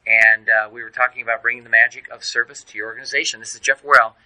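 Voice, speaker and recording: A man's voice: mid-range voice, level tone, rapid-fire, bright, forceful tone, rough recording. A man hosting a podcast interview, chatty, with frequent brief affirmations and a sign-off. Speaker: podcast host.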